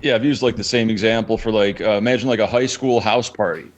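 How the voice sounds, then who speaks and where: A man guesting on a podcast as a poker streamer, relaxed and easygoing in casual interview chat, often saying "you know". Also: lowish voice, fast, a little hiss or hum.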